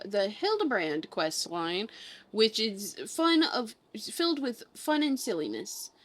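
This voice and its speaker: A young woman streaming a game, chatting casually with her chat in a playful, sarcastic way, swearing freely and sounding sleepy. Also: mid-range voice.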